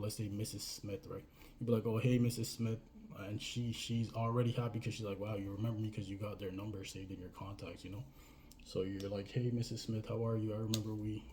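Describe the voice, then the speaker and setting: Brief: man, even low delivery, chatty coaching monologue, keeps checking in with "right?". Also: a little hiss or hum. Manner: rambling, repeats "right?" and "you know". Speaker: business coach. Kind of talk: casual advice monologue.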